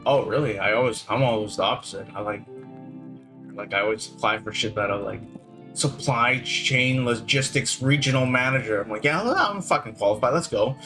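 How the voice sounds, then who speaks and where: A man's voice: on the low side, fairly even intonation, moderate pace, bright, forceful tone, faint music behind. A man co-hosting a casual gaming podcast, talking in a rambling, slangy way with frequent swearing. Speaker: podcast co-host. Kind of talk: casual chat.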